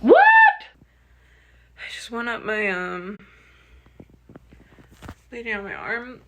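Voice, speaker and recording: A woman's voice: mid-range voice, slow, gravelly, pushed and bright. A woman vlogger telling a storytime in a casual, dramatic way, swearing freely and laughing as she tells it. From Australia.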